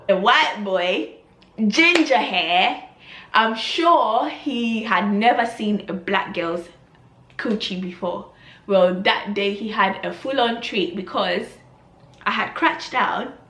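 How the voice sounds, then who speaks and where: A young woman spins a storytime tale, her voice pitched a little high and her delivery unhurried. She acts out the moments with big expressive energy. The sound bounces around an echoey room. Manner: animated storytelling with loud gasping reenactments. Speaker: vlogger. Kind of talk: storytime vlog.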